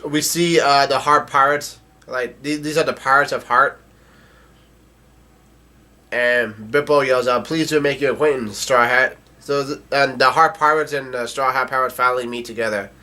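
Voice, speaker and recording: A man's voice: medium pitch, steady tone, measured pace, pauses often, sharp tone. A man casually narrating a comic read-along on a live stream, stumbling and restarting often.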